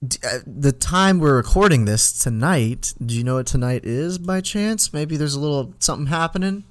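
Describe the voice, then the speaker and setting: A man's voice: a little high, moderate pace. A man in his twenties, a podcast co-host, telling a long story in casual chat, with many restarts. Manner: rambling storyteller, many restarts, animated when quoting himself.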